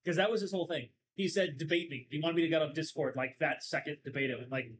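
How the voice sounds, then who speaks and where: Talking fast in a somewhat high, slightly rough voice, a Southern Californian man hosts a laid-back podcast, and the audio is poor. He's a chatty, sardonic storyteller who rambles on at length.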